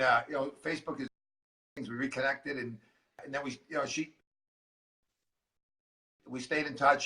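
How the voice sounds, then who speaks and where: A man's voice: medium pitch, sharp tone, far from the mic, rough recording. A middle-aged man from Massachusetts, a guest coach telling his story in an interview and acting out the dialogue as he goes. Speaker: guest speaker, transformational coach.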